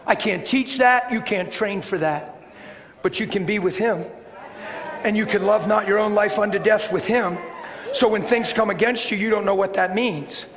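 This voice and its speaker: A middle-aged man preaching a sermon, telling a story with animated swings from shouting to soft, hushed tones. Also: sits high, moderate pace. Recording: echoey hall with faint ambience.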